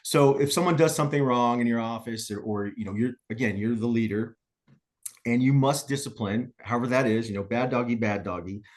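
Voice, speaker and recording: A man's voice: medium pitch, a little fast. A middle-aged man, a guest business coach, telling stories in a podcast interview and checking in with "right?" after his points. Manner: storytelling, frequent "right?" tag questions.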